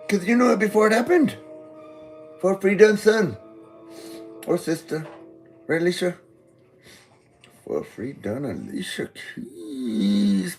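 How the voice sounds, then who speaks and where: A man high on weed, rambling goofily in a meandering monologue addressed to God. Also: creaky. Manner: goofy, meandering, talks to God. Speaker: vlogger. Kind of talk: rambling stream-of-consciousness monologue.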